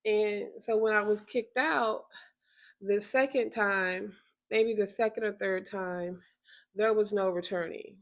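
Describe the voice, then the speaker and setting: Slow-paced woman sharing a personal story, emotional and halting. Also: mid-range voice, steady tone. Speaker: vlogger telling a story.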